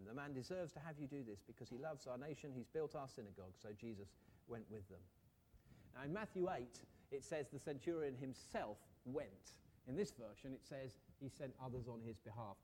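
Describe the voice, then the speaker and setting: A man's voice: mid-range voice, dark tone. A man preaching a sermon in a conversational way, asking rhetorical questions and briefly acting out the people in his story.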